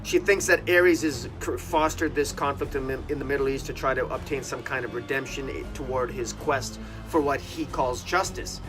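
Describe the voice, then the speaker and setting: A man's voice: medium pitch, normal speed, few pauses, over music. A man reviewing a comic book in a casual video, critical and exasperated, talking with many fillers and restarts.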